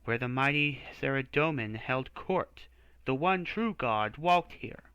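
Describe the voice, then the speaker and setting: A man voicing a pompous male high priest who talks down to visitors while reading game dialogue aloud. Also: animated, measured pace, sharp tone, smooth, no room sound, highs cut off. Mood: haughty. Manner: lofty, condescending.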